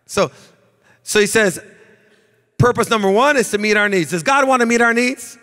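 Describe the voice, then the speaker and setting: A man preaching from the pulpit with a high voice, repeating phrases and lifting them into shouted, sing-song emphasis. His sermon rings with the long reverb of a church hall. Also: normal speed. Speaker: pastor. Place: church sanctuary.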